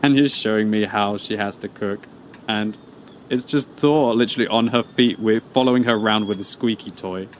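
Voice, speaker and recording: A man, chatting and laughing through live gaming stream commentary, with excitable outbursts. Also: fairly low pitch, moderate pace, slight background noise. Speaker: game streamer.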